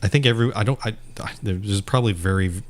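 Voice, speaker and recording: A man's voice: on the low side, fast talker, slight background noise. A male streamer giving rambling gameplay commentary, often cutting himself off mid-thought. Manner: rambling, self-interrupting.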